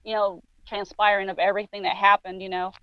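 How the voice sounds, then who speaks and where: A woman guest on a casual podcast, telling a personal story haltingly with many fillers and restarts. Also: medium pitch, little pitch movement, smooth, no room sound. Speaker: guest paranormal investigator. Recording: dull lo-fi sound.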